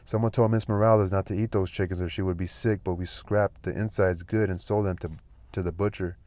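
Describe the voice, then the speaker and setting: Guy doing a lazy sly landlord type, low flat voice, kinda pointed. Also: brisk, dry recording, natural voice. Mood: offhand. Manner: listless, offhand, pointed.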